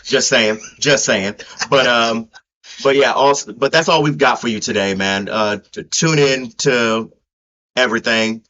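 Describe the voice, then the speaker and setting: A man of ordinary pitch talks sports in a blunt, laid-back way. He stumbles and repeats himself as he goes. The audio sounds slightly dull and lo-fi. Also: measured pace, sharp tone. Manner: blunt, repetitive, stumbling restarts. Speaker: podcast co-host. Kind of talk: casual sports chat.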